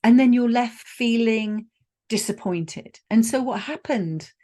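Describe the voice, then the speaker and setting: Telling a personal travel story on her solo podcast, this host speaks conversationally with wry asides. Her mellow voice sits on the high side, and she takes her time.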